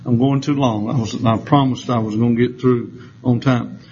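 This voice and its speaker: A man's voice: mid-range voice, fairly even intonation, moderate pace, a little mellow, slight background noise. An older man preaching a sermon in church, a folksy, joking storyteller. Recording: slightly dull lo-fi sound.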